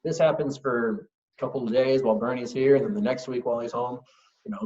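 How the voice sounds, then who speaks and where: A man's voice: mid-range voice, fairly even intonation, fast talker, a little mellow. A man, a whiskey brand ambassador, telling stories as a guest in a casual interview, with an easygoing manner and frequent chuckles. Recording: echoey, dull lo-fi remote audio.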